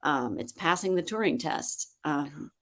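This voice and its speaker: Lower-voiced woman, measured and thoughtful. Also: lively intonation. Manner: thoughtful, measured, frequent ums. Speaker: panelist. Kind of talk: live webinar panel discussion.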